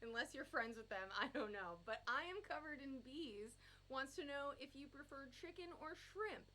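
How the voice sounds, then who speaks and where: A woman's voice: high voice, lively intonation, normal speed, sharp tone, slight background noise. A woman hosting an interview over a video call, bubbly and playful, laughing often as she reads out viewer questions. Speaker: interview host. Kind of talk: casual chat.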